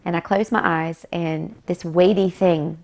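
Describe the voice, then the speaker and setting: An American woman, a guest in an interview, tells a personal anecdote, vividly quoting what each person said on both sides. Her voice is on the low side and creaky, with a steady tone and a slightly slow pace.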